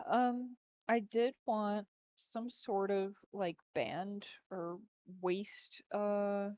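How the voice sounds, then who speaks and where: A woman's voice: medium pitch, very slow, a little mellow, no echo. A woman game developer chatting casually during a livestream as she works, giggly and rambling. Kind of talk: casual chat while working on a livestream. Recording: dull lo-fi stream audio.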